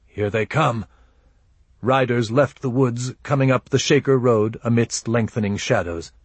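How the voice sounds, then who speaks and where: A man reading a first-person audiobook narration in a measured, grim, low-key manner. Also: steady tone, a little mellow, slightly rough, no room sound.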